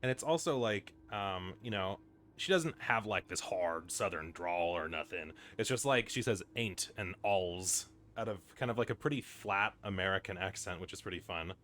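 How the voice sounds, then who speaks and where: Rambling low-voiced man streaming a game. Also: moderate pace, fairly bright tone. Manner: rambling, filler-heavy, wry. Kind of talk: casual gameplay commentary.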